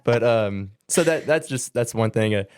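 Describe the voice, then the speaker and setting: A man's voice: mid-range voice, lively intonation, moderate pace, a little mellow, slight background noise. A young man from Southern California, a student pastor, chatting as a podcast guest in an easygoing, rambling way with lots of fillers. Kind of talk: casual podcast guest chat.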